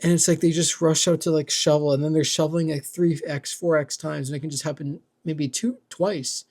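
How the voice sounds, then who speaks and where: Gravelly young man ranting. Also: on the high side, steady tone, fairly quick, darkish tone. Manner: rambling, profane, heavy use of "like" and "dude". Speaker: vlogger. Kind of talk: casual rant.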